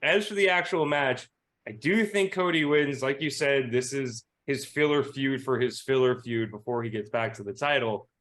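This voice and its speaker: A young man co-hosting a wrestling podcast in casual chat, excitable and quick to laugh, often restarting his sentences. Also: medium pitch.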